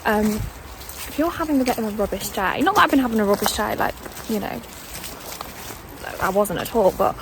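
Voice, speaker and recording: A woman's voice: lively intonation, moderate pace, pauses often. A woman in her late twenties chatting as a vlogger on a cold outdoor walk, bubbly, and a little out of breath from the climb. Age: late 20s. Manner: chatty and bubbly, high sing-song baby talk to her dog. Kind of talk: casual vlog chat. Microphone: phone held while walking. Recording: outdoor phone audio with clear background noise.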